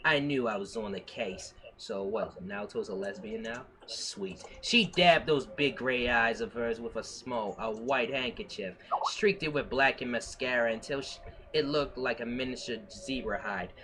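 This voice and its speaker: A man's voice: mid-range voice, a little slow, background noise. A man reading fan fiction aloud on a live stream as a hammy noir narration, with asides and self-corrections. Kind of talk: comic dramatic reading.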